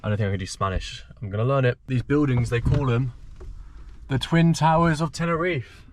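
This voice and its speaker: A man's voice: mid-range voice, a little fast. A young man rambling chattily and mocking himself as he vlogs his travels around a town and from behind the wheel. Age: young adult. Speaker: travel vlogger. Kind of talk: casual travel vlog. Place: outdoors around a town and driving a car. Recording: noisy outdoor camera audio. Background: street ambience and vehicle noise.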